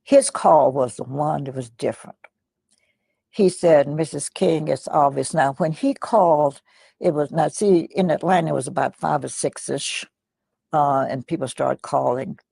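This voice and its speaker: An elderly woman with a deeply gravelly, husky voice tells her memories slowly and reflectively, often sinking almost to a whisper. The sound is close and dry, with no room echo. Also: dark tone. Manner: slow, reflective storytelling, often dropping to a near whisper. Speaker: guest. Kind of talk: recounting personal memories in an interview.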